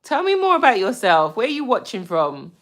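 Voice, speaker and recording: A woman from the UK hosting a casual live stream, greeting viewers with lots of ums and gushing when she gets excited. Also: fairly high pitch, a little fast. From United Kingdom. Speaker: livestream host.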